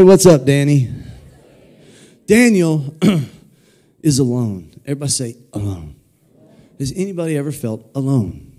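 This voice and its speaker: A man with a mellow, medium-pitched voice gives a playful children's sermon in a church sanctuary. Jokey throughout, he leads the crowd in call-and-response, having them repeat after him.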